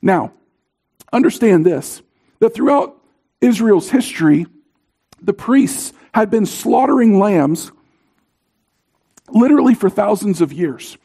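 A man in his thirties preaching a sermon as pastor, in a conversational, animated storytelling way. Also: sits high, slow pace, vocal fry, pauses often, husky.

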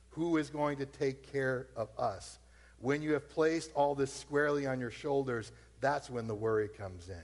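This pastor's voice sits in the mid-range as he preaches in a large hall. He keeps his sermon loose and conversational, mimicking how his listeners might speak.

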